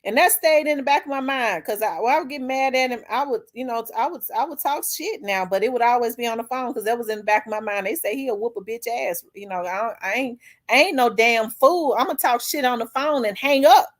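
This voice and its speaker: A middle-aged woman, hosting a vlog and telling a story in a blunt, profane, animated way. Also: a little high, a little fast. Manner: blunt, profane, animated, acts out quoted people. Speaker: vlog host. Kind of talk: candid storytelling monologue.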